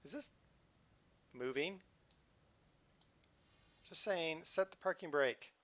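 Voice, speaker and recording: A man's voice: on the high side, slow, a bit bright. A man hosting a live game stream, chatting casually and joking around as he plays. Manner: playful, jokey, chatty. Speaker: livestream host.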